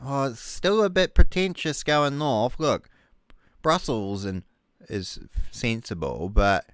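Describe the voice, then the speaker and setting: A man's voice: medium pitch, expressive, slow pace, no echo. A man ranting comically over a map, mocking and exasperated, swearing a lot. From New Zealand. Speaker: comedic youtuber. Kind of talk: comedic rant over a map.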